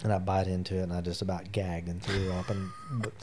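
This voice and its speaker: A man's voice: low-pitched, flat delivery, fairly quick, darkish tone, slight background noise. A middle-aged man, a military veteran, telling personal stories as an interview guest in a rambling, heartfelt way with many fillers. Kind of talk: personal storytelling in a long interview.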